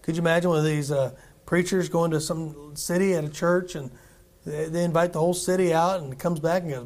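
A man's voice: fairly high pitch, fairly even intonation, brisk, a little mellow. A male preacher reading scripture aloud and preaching a sermon emphatically, repeating himself and putting questions to the congregation.

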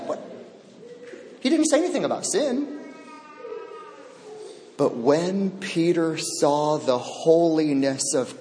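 A man preaching a sermon as pastor, swinging dramatically between loud proclamation and hushed near-whisper. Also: high-pitched, expressive, slow pace, slight background noise. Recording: long echo of a large hall.

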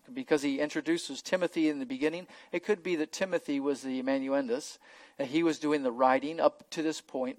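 A man's voice: on the high side, darkish tone, no room sound. A man preaching an expository sermon, earnest and emphatic, often repeating words as he goes.

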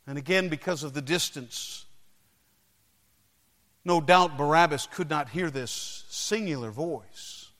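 Male preacher, high and bright, slow dramatic delivery, big hall reverb. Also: lively intonation. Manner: dramatic storytelling with sudden shouted crowd cries and hushed lows. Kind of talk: sermon. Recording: long reverb of a large hall.

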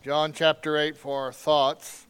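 A man preaching a sermon, telling a story quietly before rising into loud, emphatic preaching. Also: on the high side, level tone, slow pace, smooth.

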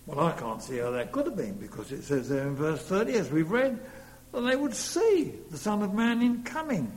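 Earnest preacher in a reverberant hall. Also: male voice, sits high, sing-song, moderate pace. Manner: earnest, rising to emphatic stresses. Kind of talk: sermon. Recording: long reverb in a hall, faint hum.

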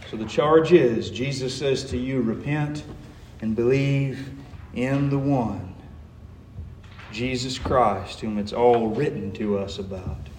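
A man's voice: mid-range voice, slow pace, a little mellow, reverberant, slight background noise. A man preaching a sermon in a church, earnest and emphatic, asking his listeners rhetorical questions.

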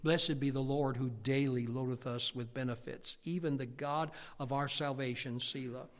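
A middle-aged pastor preaching a sermon, folksy and conversational, swelling into emphatic outbursts. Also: male voice, medium pitch, steady tone, normal speed, long reverb tail.

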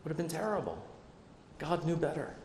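This pastor's voice sits a little high and has a darkish tone, and his delivery is brisk and sing-song. He preaches in a conversational way, poking fun at himself along the way. A long-reverb, echoey hall carries faint ambience, with slight background noise.

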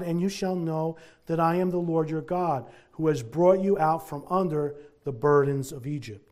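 A man preaching a sermon, reading scripture and explaining it in an earnest, deliberate way, slowing down on key words. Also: fairly high pitch, darkish tone.

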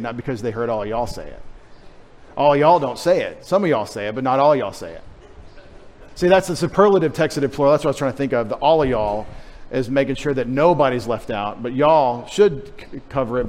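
With a mid-range, slightly mellow voice, a middle-aged pastor from Texas delivers a sermon in church. His Texas accent is light, and he slips in joking, chatty asides.

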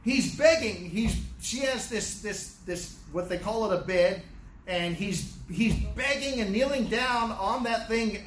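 Brief: man Bible teacher, high voice, roomy echo from a distant mic. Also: measured pace, a bit bright. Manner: conversational, with many restarts, paraphrasing scenes. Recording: echoey room, distant mic, faint noise.

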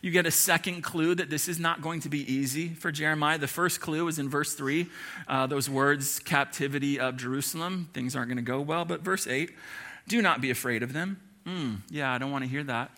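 A pastor delivering a sermon, preaching emphatically with repeated lists and rhetorical questions. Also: male voice, fairly high pitch, fairly quick, bright, forceful tone.

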